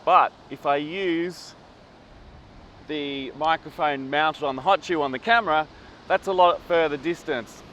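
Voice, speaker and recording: A man's voice: a little high, a little slow, a bit bright, dull audio, a little hiss or hum. A man explaining filmmaking to camera in an upbeat, conversational teaching style, recorded on a lapel mic. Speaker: filmmaking tutor. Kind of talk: instructional video talk to camera.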